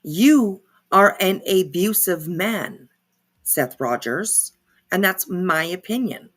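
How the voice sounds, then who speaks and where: A woman's voice: on the low side, animated, takes it slowly, a bit bright. A woman hosting reaction commentary, sarcastic and opinionated. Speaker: commentary channel host.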